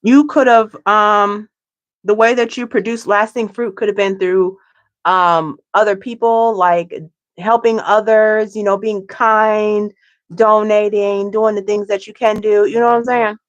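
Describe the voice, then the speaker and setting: A woman's voice: mid-range voice, level tone, measured pace, dull audio. Chatty woman giving a tarot reading. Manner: chatty, tags lines with "okay?", repeats herself. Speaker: tarot reader. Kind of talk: casual tarot reading to viewers.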